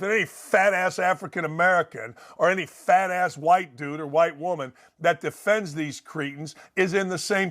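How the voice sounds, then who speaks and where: A man with a fairly high voice rants as a sports talk host. He is blunt and heated, with profane jabs. He speaks in a hard, opinionated monologue. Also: a bit bright. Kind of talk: opinion rant.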